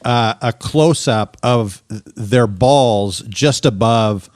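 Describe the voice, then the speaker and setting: A young man on a podcast telling a story in casual chat, acting out quotes in a raised, animated voice. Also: medium pitch, slow, no echo, studio quality. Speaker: podcast co-host.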